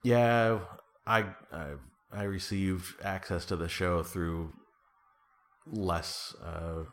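With a deep, steady voice and drawn-out words, a middle-aged man chats loosely while being interviewed. His talk is rambling and self-deprecating, full of fillers and restarts.

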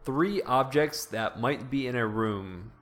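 A man's voice: medium pitch, takes it slowly, a bit bright. A man hosting a casual podcast, reading out prompts and giving short, dry replies. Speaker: podcast host.

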